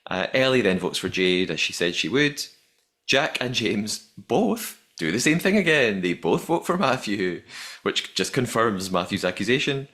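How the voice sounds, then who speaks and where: A man co-hosting a podcast, recapping an episode in casual chat, talking in quick bursts with frequent restarts. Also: lowish voice, sing-song, a bit bright. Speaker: podcast co-host.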